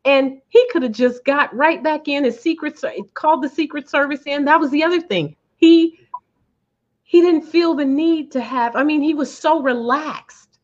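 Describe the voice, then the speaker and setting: A woman's voice: sits high, moderate pace. An earnest woman guest speaker talks in a heartfelt way and repeats her words for emphasis. Her voice comes through as slightly dull, lo-fi audio. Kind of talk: interview answers.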